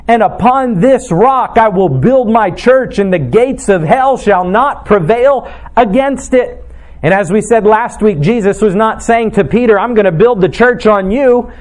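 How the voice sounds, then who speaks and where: A man's voice: high voice, a little mellow. A male pastor preaching an earnest, emphatic sermon in a church and quoting scripture as he goes.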